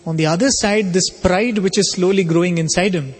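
A man telling a spiritual story as a sermon, in a measured, explanatory way. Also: high voice, breathy edge, soft background music. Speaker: spiritual speaker. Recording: long hall reverb.

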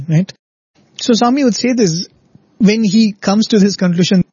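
A man's voice: high-pitched, normal speed, pauses often, a little mellow, breathy edge, dry recording, dull audio. A man giving an earnest, reflective devotional discourse, often ending his points with "right?". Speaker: spiritual speaker.

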